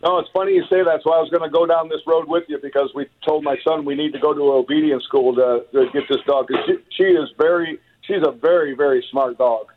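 A man's voice: on the high side, steady tone, quick pace, few pauses, a little hiss or hum. A man calling in to a radio show, hesitant and full of fillers as he explains his problem. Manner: hesitant, many fillers and restarts. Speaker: caller. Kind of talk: phone call-in. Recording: tinny phone line.

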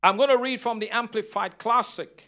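A middle-aged pastor preaches with a very high, bright and forceful voice. He drives his sermon with call-and-response, asking questions and answering them himself. His key phrases come back again and again. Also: normal speed.

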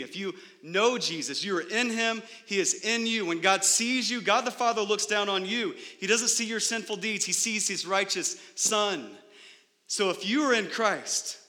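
A man's voice: high-pitched, normal speed, pushed and bright, big-room sound. A man preaching a sermon as pastor in a church sanctuary, emphatic and full of rhetorical questions.

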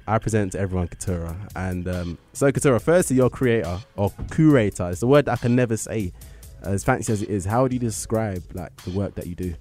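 A man's voice: fairly low pitch, fast, hardly any pauses, darkish tone, faint music behind. A man hosting a radio show from a studio, chatting and joking casually with his guest. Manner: chatty, joking, laughs easily.

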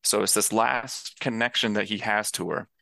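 A man with a gravelly, bright voice talks through a film on a podcast. His recap rambles eagerly, full of restarts, and the sound is close and dry with no room around it. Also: lowish voice, moderate pace, no room sound. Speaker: podcast co-host. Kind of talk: casual movie discussion.

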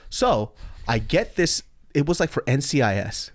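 Animated young man telling candid stories. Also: mid-range voice, moderate pace, no echo, studio quality. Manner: candid storytelling, swearing, with bursts of laughter and shouted self-mockery. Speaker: comedian and YouTuber guest. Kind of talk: casual podcast chat.

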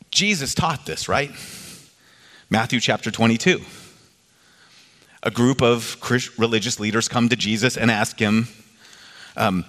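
Male preacher, storytelling sermon, animated delivery, long hall reverb. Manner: animated, rises in pitch for quoted voices.

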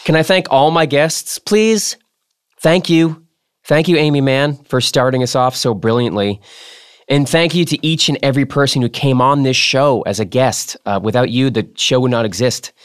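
A man hosting a podcast, reading a novel excerpt in a measured way and then chatting loosely and jokingly. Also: medium pitch, clean tone, no echo, clean studio sound. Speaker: podcast host. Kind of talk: reading aloud and casual chat.

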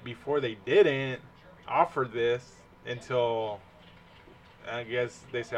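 A man's voice: medium pitch, fairly even intonation, takes it slowly. A young man in easygoing casual chat, talking loosely with lots of "you know.".

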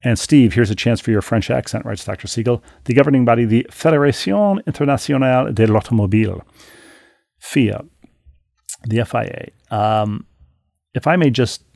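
Man, podcast co-host: gravelly voice, dry close sound, reads mail then tells stories wryly with many restarts. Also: medium pitch, moderate pace, dry recording. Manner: wry, animated storytelling with frequent restarts. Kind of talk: casual podcast chat, reading listener mail aloud.

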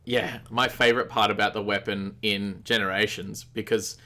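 A man with an Australian accent co-hosting a podcast, talking games in a relaxed, rambling way while eating dinner. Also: lowish voice, normal speed. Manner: relaxed, rambling, many fillers. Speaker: podcast co-host. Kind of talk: casual gaming chat.

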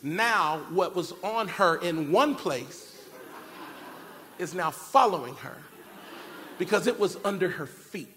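A man preaching a sermon, telling a family story in an animated way and acting out shouted cries. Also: high-pitched, slow, long pauses, a little hiss or hum. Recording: long reverb of a large hall. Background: keyboard music.

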